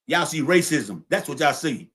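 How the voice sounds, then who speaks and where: A man hosts a home livestream and rants to his chat, repeating himself, cussing freely and calling everyone y'all. His voice sits a bit high for a man. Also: expressive, moderate pace, a bit bright. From St. Louis, USA. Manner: loose, repetitive, profane, addresses chat as y'all. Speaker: livestream podcast host. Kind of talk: casual political rant to live chat.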